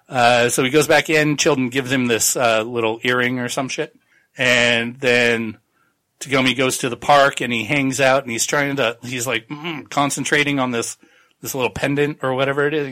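A man's voice: mid-range voice, fairly even intonation, normal speed, pushed and bright. A man hosting a casual book podcast, recapping a plot in a rambling, profane way with quoted asides. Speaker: podcast host.

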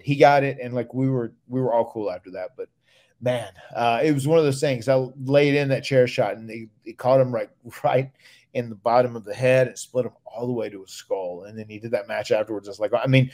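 A man, casually telling stories on his podcast and getting loud when he acts out other people. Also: mid-range voice. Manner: animated storyteller, loud when acting out others. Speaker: podcast host, retired wrestler. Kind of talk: casual storytelling.

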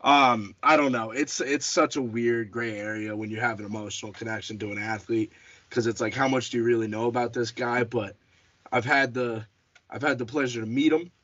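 A man's voice: medium pitch, fairly even intonation, brisk, a bit bright. A man hosting a casual sports podcast, chatty, often restarting and correcting himself. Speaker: podcast host. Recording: dull lo-fi audio.

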